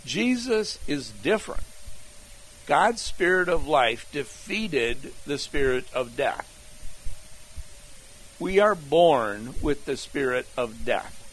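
Older man, pastor, sermon, slow and deliberate, medium pitch, outline points. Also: a bit bright, low-quality recording.

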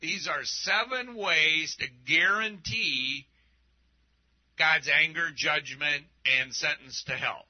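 Male pastor, fairly high voice, unhurried and rambling sermon delivery, muffled lo-fi audio. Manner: conversational, rambling with restarts and asides.

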